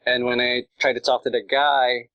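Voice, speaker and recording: A man's voice: mid-range voice, little pitch movement, moderate pace, bright, forceful tone, no echo, highs cut off. A man chatting as a podcast guest, rambling with lots of fillers and laughter. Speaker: podcast guest, subreddit creator. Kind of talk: casual chat.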